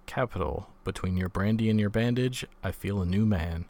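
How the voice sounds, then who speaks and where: A man's voice: fairly low pitch, normal speed, warm tone, close to an everyday voice. A man reading the lines of a shaken, pale young engineer who speaks politely and formally.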